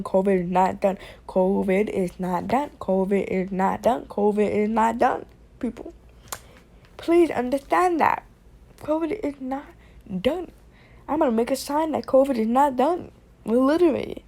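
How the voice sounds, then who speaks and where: Rambling slow-talking young woman with gravelly voice. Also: fairly high pitch, animated. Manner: rambling, repetitive, drifting between loud rants and quiet near-whispers. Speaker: vlogger. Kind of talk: casual rambling vlog. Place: bedroom, late at night.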